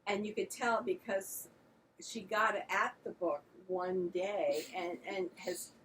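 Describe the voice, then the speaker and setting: A woman's voice: mid-range voice, takes it slowly, a bit bright. Older woman, casual co-host, rambling self-deprecating storyteller, distant mic with faint noise. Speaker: podcast co-host. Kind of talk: casual chat.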